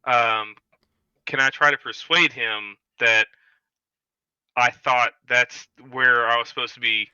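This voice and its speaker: A man playing a tabletop game, hesitant and filling pauses as he thinks. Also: mid-range voice, fairly even intonation, sharp tone, smooth, no room sound, lo-fi sound. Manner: hesitant, fillers. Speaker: player. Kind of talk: casual tabletop play.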